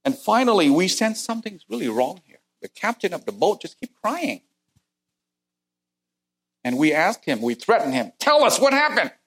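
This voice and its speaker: Earnest middle-aged preacher from Vietnam. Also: male voice, very animated, brisk, few pauses, husky. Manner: earnest storytelling, voice climbing high at intense moments. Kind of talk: sermon with personal testimony.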